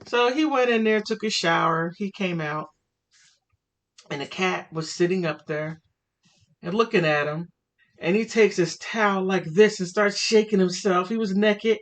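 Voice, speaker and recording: A woman vlogger telling a funny family story in a chatty, animated way. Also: medium pitch, a little slow. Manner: animated, laughing, chatty with fillers. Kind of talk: casual comic storytelling.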